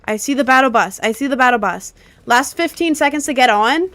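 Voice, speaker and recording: Excitable woman streamer, higher voice. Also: a little fast, no echo. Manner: excitable, exclaiming, repeats herself. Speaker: live streamer. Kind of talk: live gameplay commentary.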